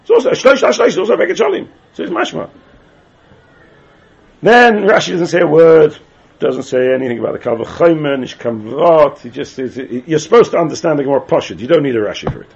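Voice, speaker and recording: In a dull, lo-fi recording, a Talmud teacher with a husky, gravelly voice pitched a little high leads his class a bit quickly with lively intonation. He chants phrases in a sing-song lilt, repeats one question at his students over and over, and lets his pitch swing widely.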